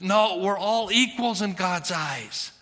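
A man's voice: sits high, lively intonation, slow pace, pushed and bright, in a large hall. A middle-aged male pastor preaching a sermon in an earnest, conversational way, repeating his phrases for emphasis.

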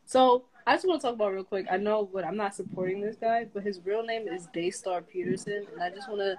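A podcast co-host with a middle-pitched voice talks things through casually. The speech is plain, with frequent pauses and fillers. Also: a little mellow, rough recording. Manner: plain, a little hesitant, many fillers. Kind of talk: casual chat.

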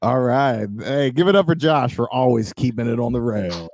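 A man's voice: medium pitch, moderate pace, a little mellow, no echo, studio quality. A man co-hosting a podcast in casual chat, laid-back and easily amused. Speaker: podcast co-host.

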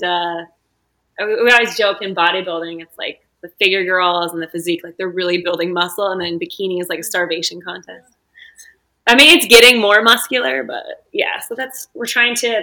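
A woman's voice: lowish voice, moderate pace, rough recording. A young woman, a podcast guest, telling casual stories and acting out what people said. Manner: animated, acts out quoted dialogue. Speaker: guest, beach volleyball player.

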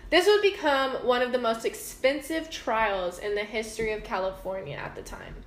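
A woman's voice: fairly high pitch, animated, normal speed, reverberant. A woman co-hosting a casual true-crime podcast, laughing, swearing and a bit tipsy as she tells the story. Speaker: podcast co-host.

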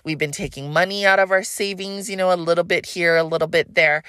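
Low voiced woman with a hawaiian accent rambling about astrology, swears a lot, dry close sound. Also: steady tone, brisk, fairly bright tone, clean tone, no echo. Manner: rambling, frank, swears freely, laughs often. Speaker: podcast host. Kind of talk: casual astrology chat.

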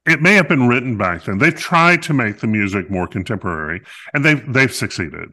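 A man's voice: mid-range voice, expressive, a little fast, pushed and bright. A man co-hosting a podcast, reviewing a musical in casual chat, talkative and playful with many fillers.

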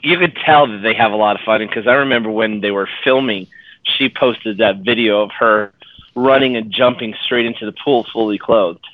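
A man's voice: lowish voice, normal speed, dry recording. A man co-hosting a fan podcast in casual chat, rambling and restarting as he muses about the story. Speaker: podcast co-host. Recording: dry, tinny phone-like audio.

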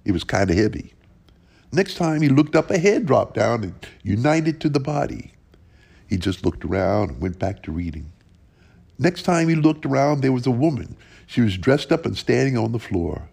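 Gravelly man telling a folk tale. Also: mid-range voice. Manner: plain, unhurried folksy telling with lively rises. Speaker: storyteller.

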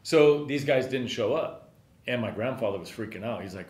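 A man's voice: mid-range voice, normal speed, darkish tone. A middle-aged man hosting a podcast, telling a story casually and rambling with lots of filler words. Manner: rambling, frequent "you know" fillers. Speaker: podcast host and business owner. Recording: roomy echo.

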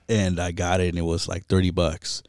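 A man's voice: low-pitched, completely flat delivery, moderate pace, darkish tone, clear, resonant tone, no room sound, studio quality. A man co-hosting a casual chat, laid-back, chiming in with short agreements and telling his own story.

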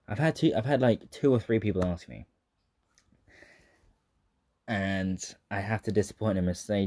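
A man's voice: lowish voice, moderate pace, pauses often, darkish tone. Laid-back young southern English man. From southern England. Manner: swears freely, laughs often, trails off into tangents. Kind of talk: casual rambling monologue.

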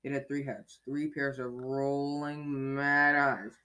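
A man's voice: mid-range voice, level tone, slow, pushed and bright, poor audio. A man reading a novel aloud in a casual way, stumbling, correcting himself and breaking off into chatty asides. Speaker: reader.

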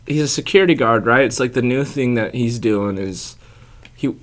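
A man's voice: mid-range voice, normal speed. A young man and stand-up comic, telling stories in a laid-back, swearing, casual chat.

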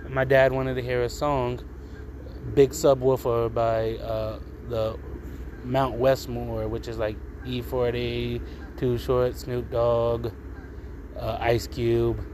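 In a medium-pitched, level, slow voice, a man rants solo on his home podcast, swearing a lot and tossing out mocking asides in a heated way. The background is noisy, with cars passing outside.

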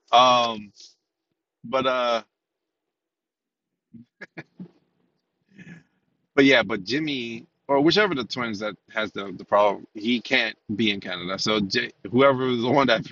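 A man with a low, gravelly voice hosts a solo podcast in a loose, rambling way. He restarts sentences, fills pauses with ums and swears offhandedly. The sound is muffled and lo-fi. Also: bright, forceful tone. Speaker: podcast host. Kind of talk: solo casual podcast commentary.

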